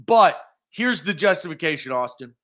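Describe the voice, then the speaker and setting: A man co-hosting a sports talk show, speaking in casual chat with animated, opinionated bursts. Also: fairly high pitch, normal speed.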